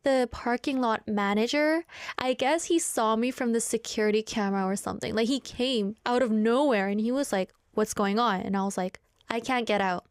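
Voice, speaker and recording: Lively young woman telling a radio story. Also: clean tone, no room sound, studio quality. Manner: animated storyteller, acts out quotes in high bursts. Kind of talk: casual radio chat, storytelling. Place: radio studio. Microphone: studio microphone.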